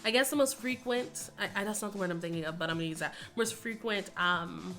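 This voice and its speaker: A young woman in her twenties talks straight to her subscribers in a loose, rambling vlog chat. Her voice is bright and forward, pitched around the middle for a woman, and she laughs often. She keeps dropping "y'all" and wanders from thought to thought. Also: quick pace, faint music behind. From Texas, US. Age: 20s. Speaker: YouTuber.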